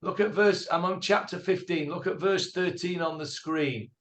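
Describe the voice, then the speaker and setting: A man teaching a Bible class as a rabbi, animated, with hesitant fillers. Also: high voice, normal speed.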